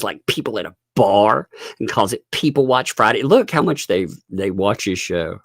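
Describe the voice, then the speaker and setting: A man ranting through live-stream commentary with a gravelly edge, his pitch swinging widely as he mocks and laughs. The sound is dry and close to the mic. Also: lively intonation, moderate pace, no room sound. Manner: laughing, mocking, exasperated rants.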